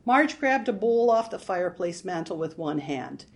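Woman narrator for a comic audiobook: wry and expressive, with lively, varied pitch. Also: normal speed, hardly any pauses. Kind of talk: scripted narration.

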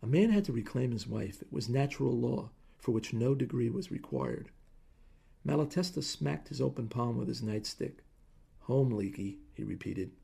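A man reading a short story aloud in measured, plain narration. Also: medium pitch, animated, vocal fry, warm tone, husky.

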